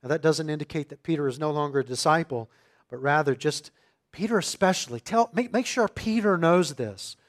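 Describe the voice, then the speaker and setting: A man preaching an expository sermon, reading scripture and growing emphatic and louder on key phrases. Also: fairly high pitch, lively intonation, a little fast.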